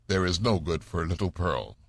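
A man's voice: sits low, lively intonation, normal speed, vocal fry, slightly rough, dry recording, heavily acted. A man voicing a grave, sorrowful woman outcast, solemn and earnest in an old-fashioned storybook reading.

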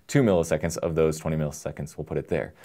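A man presenting an electronics lesson in a relaxed, joking way, explaining with everyday analogies. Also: a bass voice, fast talker. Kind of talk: casual technical lesson.

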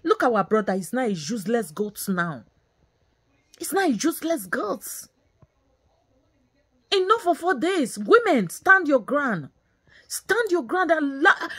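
A woman's voice: high voice, sing-song, a little slow, fairly bright tone. Angry woman scolding. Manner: scolding, repetitive, mixes in Nigerian Pidgin. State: angry and bitter. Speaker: vlogger. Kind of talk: angry ranting commentary.

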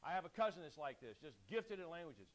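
A man preaching a sermon, urgent and exhorting, calling on the congregation to repeat lines back and clearing his throat now and then. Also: on the high side, big pitch swings, fast talker, a bit bright. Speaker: pastor.

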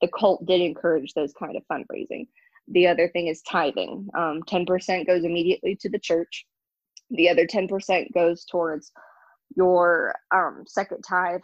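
A woman's voice: on the low side, steady tone, normal speed, dry recording, dull audio. A young woman telling her story as an interview guest, candid and emphatic. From United States. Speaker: guest, ex-member of a church. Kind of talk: casual interview talk.

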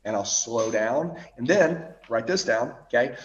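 In a motivational training talk on public speaking, a man fires off short, repeated commands and swears now and then. His medium-pitched, expressive voice swings from loud, fired-up bursts to slow, quiet emphasis, captured in reverberant, dull audio.

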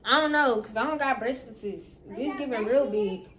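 High-voiced chatty young woman with a lisp. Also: normal speed, a bit bright, a little hiss or hum. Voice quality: slight lisp from tongue piercing. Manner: slangy, chatty, talks straight to viewers. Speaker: vlogger. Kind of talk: casual haul vlog chat.

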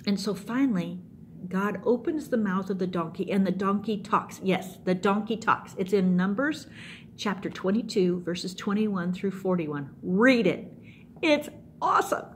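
A middle-aged woman preaching to a youth group, with an animated, storytelling delivery. Her voice sits in a middle pitch, and she acts out the scenes as she goes. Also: unhurried, slight background noise. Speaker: youth pastor. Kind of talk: youth sermon.

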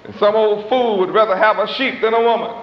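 On muffled old tape from an echoey hall, with a little hiss or hum, a high-pitched man delivers a sermon in a steady tone. His style is dramatic and folksy: he draws words out for emphasis, throws in chuckling asides, and speaks with loose grammar. His emphasis swoops theatrically, and he leans on slow, lingering stresses.

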